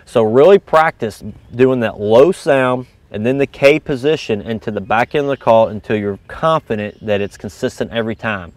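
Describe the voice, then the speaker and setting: Guy coaching ya through it step by step, easygoing, normal pitch, dry no-room sound. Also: moderate pace, hardly any pauses, no room sound. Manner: casual, coaching, explains step by step. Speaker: goose calling instructor. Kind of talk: instructional video lesson.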